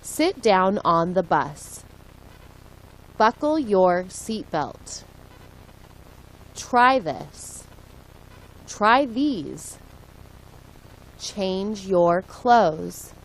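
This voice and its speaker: A woman reading short English sentences aloud slowly and deliberately, one at a time, for listening practice. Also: medium pitch, big pitch swings, poor audio. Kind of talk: slow read-aloud for learners.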